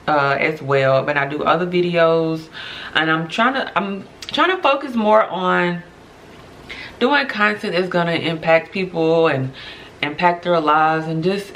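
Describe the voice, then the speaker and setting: A woman's voice: low-pitched, animated, unhurried, fairly bright tone. A young adult woman hosting her podcast, talking in an earnest, chatty way straight to her listeners and laughing through emotional moments. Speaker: podcast host. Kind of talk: casual heartfelt podcast monologue.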